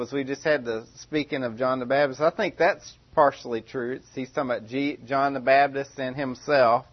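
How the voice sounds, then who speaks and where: A man's voice: mid-range voice, muffled recording. Man preaching a conversational sermon. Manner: conversational, questioning, with frequent restarts.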